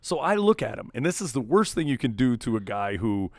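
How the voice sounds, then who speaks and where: A man co-hosting a casual radio-style chat, telling a story and acting out quotes loudly. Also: medium pitch, fairly quick, no room sound, clean studio sound. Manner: animated, acts out quotes loudly. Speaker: podcast co-host.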